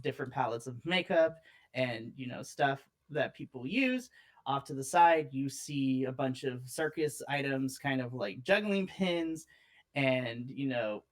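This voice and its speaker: A woman narrating a tabletop role-playing scene as game master in a casual, descriptive way with many fillers. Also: low voice.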